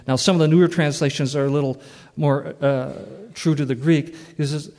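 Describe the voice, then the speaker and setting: A man's voice: on the high side, moderate pace, darkish tone. A man teaching a Bible study in an earnest, plain-spoken way, repeating words for emphasis, in a church hall. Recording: long reverb of a large hall.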